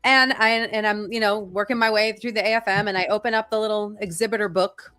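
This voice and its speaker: A woman's voice: mid-range voice, steady tone, brisk, sharp tone, smooth. A middle-aged woman, an acting career coach and podcast guest, telling stories with energy and emphasis in a casual chat.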